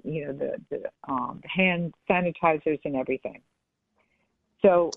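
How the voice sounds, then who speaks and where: A woman's voice: low-pitched, dry recording. A woman guest talking casually and earnestly in an interview, often restarting her sentences. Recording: tinny phone line.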